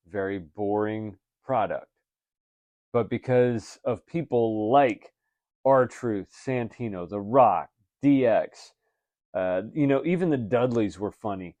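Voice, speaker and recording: A man co-hosting a casual chat, easygoing and deliberate as he sums things up. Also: on the low side, a little mellow, no room sound, highs cut off. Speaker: wrestling podcast co-host.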